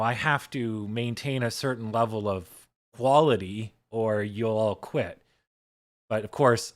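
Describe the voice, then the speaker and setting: A man hosting a casual livestream, talking in a relaxed, loose way and swearing freely into a desk microphone. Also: on the low side, dry recording. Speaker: livestream host.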